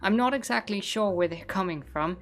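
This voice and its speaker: A woman's voice: mid-range voice, lively intonation, moderate pace, close to an everyday voice. A woman voicing Martin, a jumpy cranky king. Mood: nervous. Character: cranky sleepless self-declared island king, male.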